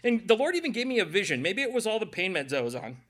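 A middle-aged male preacher with a somewhat high voice gives a conversational sermon. He tells stories, cracks jokes and talks straight to people in the pews. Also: big pitch swings, fast talker, a bit bright. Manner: jokey storytelling, addresses the congregation directly.

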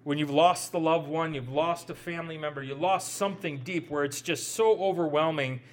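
A man's voice: fairly high pitch, steady tone, moderate pace. A man with a Midwestern accent preaching a sermon as pastor, conversational, often repeating words as he thinks aloud and adding joking asides.

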